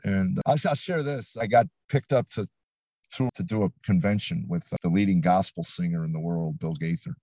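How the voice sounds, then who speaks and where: An older man, a comedian, telling stories in an interview, animated and acting out quotes. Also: sits low, normal speed, dry recording. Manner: animated storyteller, acts out quotes. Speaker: comedian guest. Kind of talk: storytelling interview. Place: studio set.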